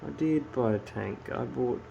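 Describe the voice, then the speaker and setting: Gravelly exasperated man. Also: mid-range voice, unhurried, mellow, muffled recording, slight background noise. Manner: ranting, exasperated, sweary. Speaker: vlogger. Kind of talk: casual storytelling vlog.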